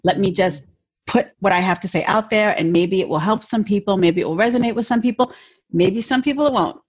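A woman in her forties, a podcast guest, talking in a measured, reflective way. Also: medium pitch, husky, highs cut off. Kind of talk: casual podcast conversation.

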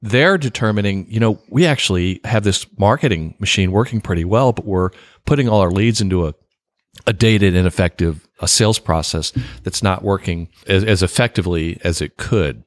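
Animated laughing male podcast host. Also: low voice, normal speed, no room sound, studio quality. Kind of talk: podcast interview.

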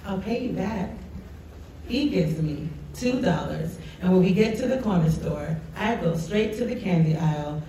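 A woman's voice: fairly low pitch, warm tone, far from the mic, a little hiss or hum. Woman reading a story in an echoey room. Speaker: author. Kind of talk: reading aloud to students. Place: large echoey room with an audience.

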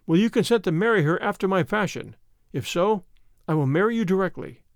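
A man's voice: sits high, animated, brisk, dry recording, clean studio sound. A man voicing a secretive male hunter who fled his lord, speaking in a terse, commanding way in a story reading.

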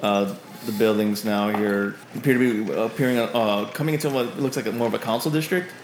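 A man's voice: lowish voice, steady tone, fairly quick. Male game master, hesitant rambling narration, roomy recording. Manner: rambling, hesitant, with many fillers and restarts. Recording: roomy echo with faint noise.

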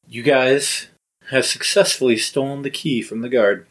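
A man's voice: mid-range voice, steady tone, moderate pace, fairly bright tone, low-quality recording. A man narrating a tabletop game as game master, laid-back and descriptive with dry humor.

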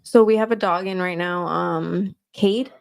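A woman's voice: fairly low pitch, fairly even intonation, measured pace, gravelly. A woman co-hosting a live dog-training Q&A, reading viewer questions and chatting with the host, often laughing and teasing him. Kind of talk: casual live Q&A.

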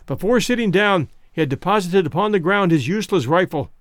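A man narrating a story audiobook in a measured, expressive way. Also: high-pitched, no room sound, clean studio sound.

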